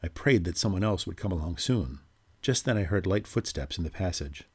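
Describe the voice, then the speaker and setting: A man reading a ghost story aloud in measured, steady narration. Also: low voice, husky.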